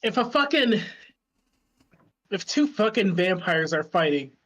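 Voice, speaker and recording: High-voiced swearing streamer man. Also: big pitch swings, unhurried, fairly bright tone, a little hiss or hum, rough recording. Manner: swearing, teasing friends. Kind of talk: casual chat.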